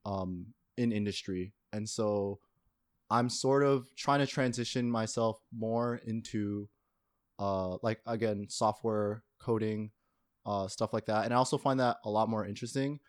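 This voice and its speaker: A man's voice: fairly low pitch, steady tone, measured pace. A young man, a university student, talking casually and thoughtfully as a podcast guest, often hedging. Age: young adult. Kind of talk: casual chat.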